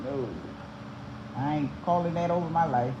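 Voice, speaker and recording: A woman's voice: low-pitched, noisy background. A woman hosting a spiritual channel, chatting casually to her viewers in a blunt, profane way and laughing often.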